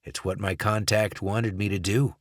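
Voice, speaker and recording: A ruthless male operative, read by a male narrator, speaks calmly and with clipped control. The voice sits low and close, with a dry audiobook sound. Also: moderate pace, no echo. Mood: explaining.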